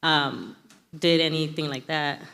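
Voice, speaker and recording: Low-voiced woman asking a rambling question. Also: steady tone, a little slow, creaky, fairly bright tone. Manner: rambling, heavy filler words. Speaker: audience member asking a question. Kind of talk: question from the audience. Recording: long hall reverb.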